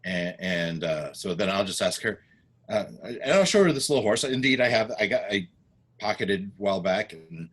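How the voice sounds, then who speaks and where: A man's voice: lowish voice, big pitch swings, normal speed, fairly bright tone, husky. A man playing a tabletop role-playing game, describing his moves in a rambling, self-correcting way. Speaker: player.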